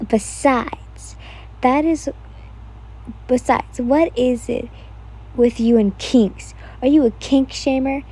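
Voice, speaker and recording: A woman voicing a gruff, irritable teenage boy in a read-aloud fan fiction story. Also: high voice, slow pace, long pauses, mellow, heavily acted. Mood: grumbling.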